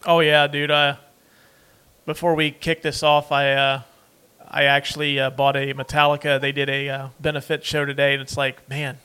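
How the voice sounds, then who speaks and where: A man's voice: fairly high pitch, completely flat delivery, moderate pace, pushed and bright, clean tone. A man co-hosting a casual movie watch-along podcast, loose and rambling, with plenty of fillers. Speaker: podcast co-host.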